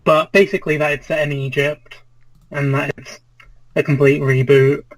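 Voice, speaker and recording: A man's voice: a little high, level tone, moderate pace, no echo, rough recording. A man chatting casually as a regular on a gaming podcast, laid-back and joking.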